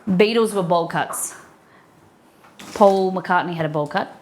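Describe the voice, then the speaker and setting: Her voice is lowish, a little slow and a little mellow, with slight background noise on the streaming mic. She's a chatty cooking streamer who reads out a recipe, replies to her viewers' chat, and keeps working in the kitchen.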